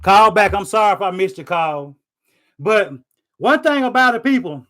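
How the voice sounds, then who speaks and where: This sports fan vlogger's live reaction rant comes in a high, fairly bright, animated voice at normal speed, captured on a rough recording. He swears often, rambles and repeats himself, frustrated but ultimately accepting.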